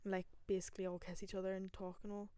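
A young Northern Irish woman hosting a podcast, telling a story in a lively, self-mocking way, full of rambling asides, into a single microphone. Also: medium pitch, fast, clean tone, no room sound. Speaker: podcast host. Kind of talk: casual solo storytelling.

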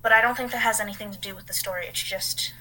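A woman's voice: mid-range voice, steady tone, fast talker, bright, forceful tone, rough recording. A woman co-hosting a podcast, telling a story in a casual, rambling way as she reads from her notes and adds asides. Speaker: podcast co-host.

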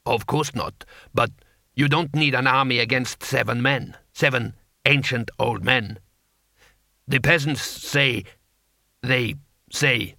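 Brief: man doing a curt warlord, slow and gravelly, audiobook. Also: medium pitch, no echo, studio quality, full character voice. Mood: blunt. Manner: sharp, matter-of-fact. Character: blunt, unimpressed male warlord.

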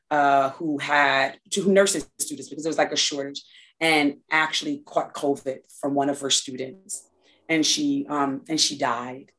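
A woman's voice: sits low, fairly bright tone. A woman from New York, a guest in a casual interview, talking in a reflective way with many restarts and fillers.

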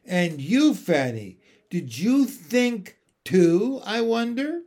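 Give me a man playing a shrill, sly old woman who runs a shop, storybook style, unhurried. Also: big pitch swings, a little mellow, heavily acted. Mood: scolding. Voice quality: high, shrill little voice. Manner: switches between scolding and sugary coaxing. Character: tiny ancient shrill shopkeeper woman, bossy and sly.

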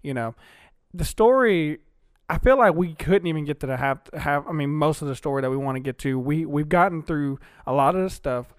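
Smooth, fairly high-voiced male podcast host. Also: expressive, a little fast, dry recording, clean studio sound. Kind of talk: casual podcast chat.

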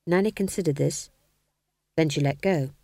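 A woman narrating an audiobook in an expressive, measured reading. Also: low-pitched, no room sound, studio quality. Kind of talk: scripted narration.

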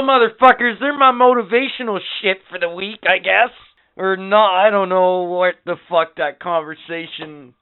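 A man hosting a podcast in profane, rambling casual chat, swinging between loud and quiet. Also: fairly high pitch, clear, resonant tone. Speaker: podcast host. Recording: phone-like lo-fi audio.

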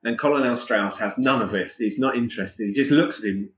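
A man's voice: medium pitch, a little fast. A man, a guest musician, telling chatty anecdotes in a casual podcast conversation. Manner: animated, chatty anecdotes with laughs. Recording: echoey room.

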